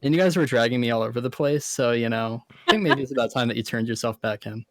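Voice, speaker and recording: A man's voice: mid-range voice, fast, fairly bright tone, dry recording, studio quality, natural voice. A man playing a drunk, sleepy male medic guard in a tabletop game, stammering and repeating words. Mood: grumbling. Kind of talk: tabletop role-play in character.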